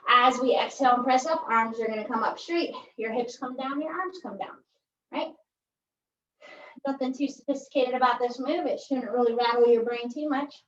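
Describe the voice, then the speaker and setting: A woman with a fairly high-pitched voice leads a pilates workout, chatty and joking, often ending her cues with "right?". The recording is dull and echoey from a distant mic, with slight background noise.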